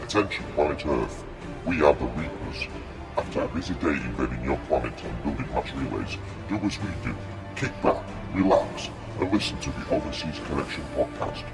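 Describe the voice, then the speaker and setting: A man's voice: extremely low pitch, lively intonation, brisk, gravelly, heavily acted, low-quality recording. A man voicing a horde of alien machine invaders, making a mock-solemn promo announcement. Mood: ominous. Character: ominous alien machine invaders speaking as one. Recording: loud music bed behind.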